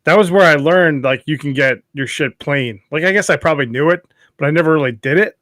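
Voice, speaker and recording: A man with a somewhat high voice chats bluntly on a podcast, swearing freely and hammering his points. The recording is dry and close. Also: fast, a bit bright, dry recording. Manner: blunt and profane, emphatic. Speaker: podcast co-host. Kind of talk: casual chat.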